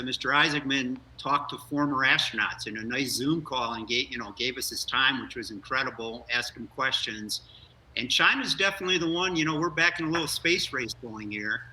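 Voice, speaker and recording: A man's voice: medium pitch, normal speed, pushed and bright, distant mic, slight background noise, low-quality recording. An older man, a former astronaut, speaking earnestly and with energy as a guest in a live news interview over a remote feed.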